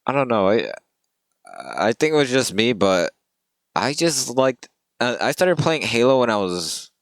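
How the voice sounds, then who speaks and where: A young man co-hosts a podcast with a medium-pitched, sing-song voice at a measured pace. His casual chat is joking and rambling, and he often trails off quietly.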